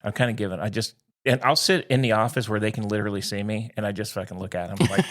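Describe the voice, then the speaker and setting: A man's voice: on the low side, fairly even intonation, quick pace, few pauses. A middle-aged man co-hosting a podcast, telling a profane, ranting story in casual chat. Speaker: podcast co-host.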